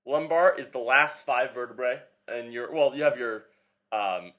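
A man's voice: medium pitch, measured pace, a bit bright. Young male trainer co-hosting a podcast, loose rambling explainer, mid-range voice. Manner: rambling, filler-heavy explaining. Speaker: podcast co-host, personal trainer. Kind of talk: casual chat.

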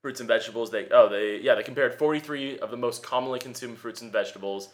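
Brief: male co-host, casual chat, mid-pitched, eager and fact-heavy, restarts a lot. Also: quick pace. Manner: eager, lists facts, frequent restarts. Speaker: podcast co-host.

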